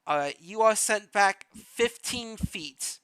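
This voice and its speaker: Man, game master, slow deliberate narration, bright tense tone. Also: high voice, lively intonation, smooth, no room sound, poor audio.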